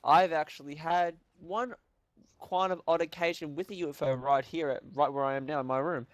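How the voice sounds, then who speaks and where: A young man telling an animated story in casual chat, swearing often and acting out what people said. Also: a little high, brisk, dry recording. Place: home room.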